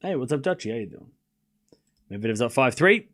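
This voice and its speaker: Brisk and mid-range in voice, a livestream host runs a casual tennis watchalong, animatedly calling scores and trading jokes with his viewers.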